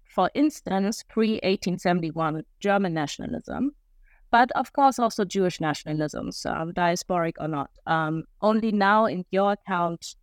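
Smooth-voiced careful interviewer. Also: medium pitch, no room sound. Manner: careful, measured questioning with fillers. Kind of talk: podcast interview question.

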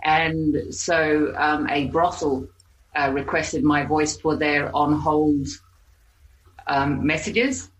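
A woman's voice: low voice, steady tone, slow, roomy sound, slight background noise, rough recording. A woman voice-over artist chatting as a guest in a casual interview, telling stories with frequent laughs and fillers. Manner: chatty storyteller, laughs often, many fillers.

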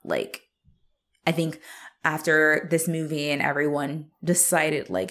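A woman with a somewhat low voice chatting casually about a movie. She talks loosely, full of fillers and swearing. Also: very animated, moderate pace, a bit bright. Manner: chatty, filler-heavy, profane, laughs often. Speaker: podcast co-host. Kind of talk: casual movie-review chat.

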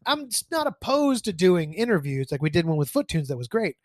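High-voiced man reading listener emails. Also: big pitch swings, a little fast, no room sound. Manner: teasing, offhand, reads listener emails aloud. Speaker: podcast co-host. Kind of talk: casual chat. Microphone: desk mic.

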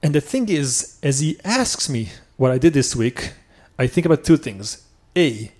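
A man's voice: on the high side, big pitch swings, measured pace, few pauses, darkish tone. Earnest man telling a personal story. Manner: earnest, self-critical confessional telling. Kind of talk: personal story told live on stage.

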